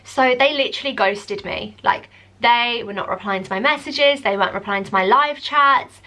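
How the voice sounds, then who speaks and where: A woman's voice: on the high side, normal speed, sharp tone. A young woman telling a story to camera in a chatty vlog, exasperated and talking with lots of "like". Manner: chatty, exasperated, heavy use of "like". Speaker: vlogger.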